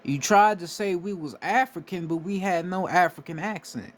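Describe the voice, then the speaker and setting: Man, from the U.S., slightly raised pitch, casual monologue, profane, emphatic, rhetorical "right?". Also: moderate pace. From United States. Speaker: spiritual commentator.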